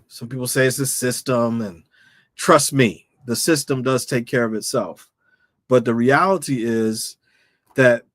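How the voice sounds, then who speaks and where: A man's voice: mid-range voice, no room sound, clean studio sound. Man giving a conversational sermon. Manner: conversational, repeats questions for emphasis. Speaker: pastor. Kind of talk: sermon-style teaching to camera.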